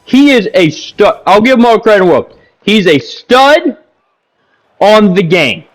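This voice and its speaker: A man giving casual, ranting commentary over his own gameplay footage, seated at a home setup, repeating himself and punctuating plays with "boom". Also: sing-song, a little slow, rough recording. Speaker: gaming commentator.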